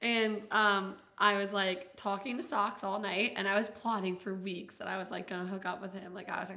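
A woman in her twenties co-hosting a podcast, telling a wild story in a casual, animated way, laughing often and filling her sentences with "like". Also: mid-range voice, moderate pace, few pauses. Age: 20s. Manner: animated, laughs a lot, many "like"s. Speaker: podcast co-host.

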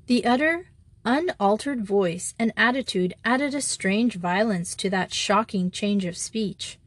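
Female audiobook narrator, measured delivery, mid pitch, dry recording. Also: no echo. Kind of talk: scripted narration.

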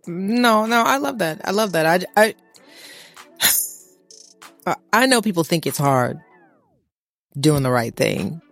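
A woman, co-hosting a casual faith talk and preaching in an animated, conversational way. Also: on the low side, takes it slowly, creaky, pauses often, soft background music. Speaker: podcast co-host.

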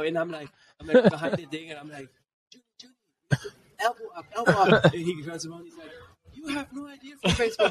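A German-accented man in his forties, appearing as a guest on a podcast at a convention booth, tells family stories in a lively, casual manner. His mid-range voice animatedly jumps into quoted lines from his kids, and he sounds a bit distant from the mic.

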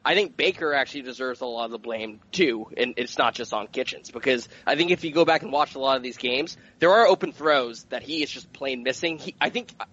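Rapid-fire stat-quoting man. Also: mid-range voice, fairly bright tone, breathy edge. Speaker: podcast panelist. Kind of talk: casual sports podcast chat. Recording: lo-fi remote audio.

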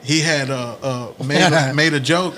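Male podcast co-host, bright tone, lively storyteller who acts out quotes, loose slangy chat. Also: mid-range voice, unhurried, a little hiss or hum. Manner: animated storyteller acting out quotes, profane slang. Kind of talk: casual chat.

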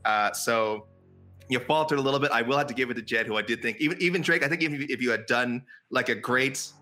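Joking, hesitant male podcast judge with a bright voice. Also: medium pitch, fast, soft background music. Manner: hesitant, joking, filler-heavy. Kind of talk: casual chat.

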